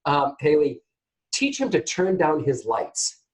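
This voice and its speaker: A man hosting a call-in psychic reading show, chatty and animated, often turning to address his listeners. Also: a little high, slow, poor audio. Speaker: psychic medium host.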